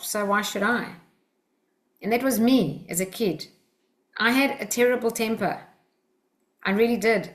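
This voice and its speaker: An Australian woman teaching a workshop group, talking in an earnest, personal, coaching way. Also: medium pitch.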